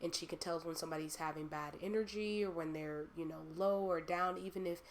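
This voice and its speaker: A woman's voice: lowish voice, fairly even intonation, brisk, slight background noise. A young woman hosting a personal monologue, heartfelt and rambling with many fillers. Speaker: host.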